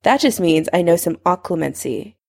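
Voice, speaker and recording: A woman's voice: on the low side, animated, moderate pace, vocal fry, darkish tone. A woman voicing a young male wizard who speaks in a wary, blunt way. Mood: guarded.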